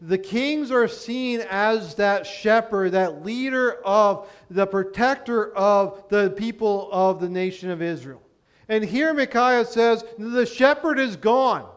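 High-voiced conversational preacher man. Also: slow, smooth. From Pennsylvania, US. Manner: conversational, explaining with rhetorical questions. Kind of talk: sermon.

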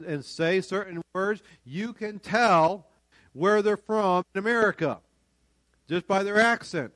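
High-voiced Pennsylvania preacher, dry sound. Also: male voice, no room sound. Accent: western Pennsylvania. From northwest Pennsylvania. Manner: animated, acts out quoted voices, rises to loud emphasis then drops low. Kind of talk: sermon.

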